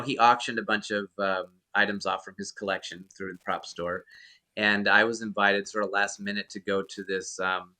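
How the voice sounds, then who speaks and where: A man's voice: lowish voice, pushed and bright. A man being interviewed as a guest actor, telling an anecdote in a rambling way with many fillers and restarts. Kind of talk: casual interview storytelling.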